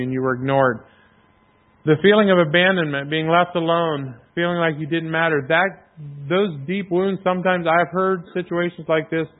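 Preacher man over a tinny line. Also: on the high side. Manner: conversational, self-deprecating, clears throat often. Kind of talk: sermon. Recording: tinny phone-like sound.

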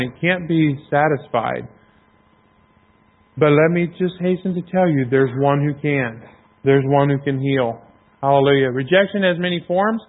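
Preacher guy chatting through his sermon, kinda high voice, sounds like a phone line. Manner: conversational, self-deprecating, clears throat often.

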